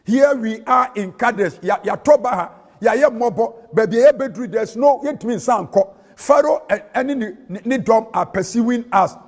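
A man's voice: extremely high pitch, animated, moderate pace, few pauses. A man with a Ghanaian accent preaching a sermon in a church, slipping into a sing-song cadence and local-language phrases. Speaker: prophet and preacher. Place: large church hall. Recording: long hall reverb.

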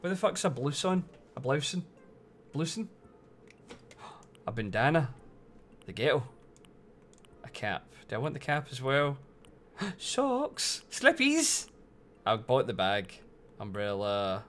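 Young Scottish male streamer, mid-pitched, loud and sweary, big comic outbursts, faint background hiss. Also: lively intonation, a little slow, long pauses. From Scotland. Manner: loud, swears a lot, playful mock outrage. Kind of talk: casual live-stream commentary.

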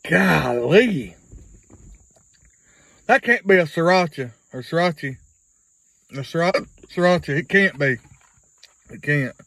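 A man's voice: a little high, normal speed, pauses often, pushed and bright, no room sound, poor audio. A man, rambling through a casual video blog in a folksy way and repeating himself. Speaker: vlogger.

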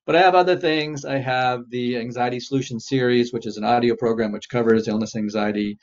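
A man's voice: medium pitch, steady tone, brisk. A man, a therapist, leading an exposure exercise in a webinar and coaching participants in an encouraging way. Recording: dull lo-fi webinar audio.

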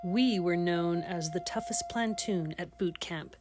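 A woman reads a kind old grandfather in a picture book, talking softly and steadily, a little low in pitch. he sounds patient and wise as he tells his memories. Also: measured pace, music in the background, lightly acted. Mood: reminiscing. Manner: gentle, steady storytelling.

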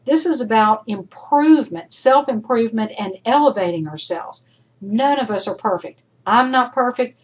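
A woman instructor talking her students through feedback on a recorded lecture, her voice worn and getting hoarse. She speaks emphatically and encouragingly, at an ordinary pitch, addressing the class directly. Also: poor audio. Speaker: college instructor.

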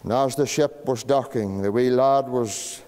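Male pastor, dark mellow voice, dramatic pauses, reverberant church hall. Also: medium pitch. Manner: dramatic pauses, sinking to a hush on key words. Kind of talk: sermon.

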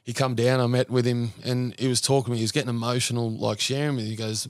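An Australian man speaks in an earnest, meandering way. He tells stories full of "um"s and restarts, at a middling pitch. The sound is dry and close, with no room echo. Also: level tone, quick pace, few pauses. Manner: earnest, rambling storyteller with frequent fillers. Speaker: podcast guest, men's mental health support worker. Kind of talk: casual conversational interview.

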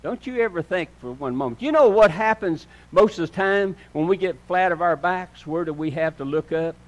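Fervent high-voiced preacher. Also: male voice, expressive, normal speed. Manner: earnest preaching, swings between loud and hushed; addresses listeners as "dear friend". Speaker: pastor. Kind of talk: sermon.

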